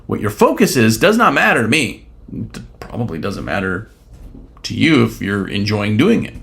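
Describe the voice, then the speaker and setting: A podcast host speaks alone at a moderate pace in a lowish, sing-song voice that is creaky yet fairly bright. Opinionated and blunt, he curses casually and fills his talk with rhetorical questions and "right?"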